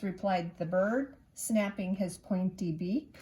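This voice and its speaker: A woman teacher reading a children's picture book aloud, expressive and pausing to point out the pictures. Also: lowish voice. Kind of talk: children's story read-aloud.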